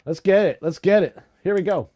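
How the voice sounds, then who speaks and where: A man's voice: high voice, brisk. A man chatting casually on a livestream about writing his songs, laid-back and rambling. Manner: laid-back and rambling, full of "like" and "you know". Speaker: musician streaming his songwriting. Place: home recording room. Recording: echoey room with loud music. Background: loud rock music with guitar.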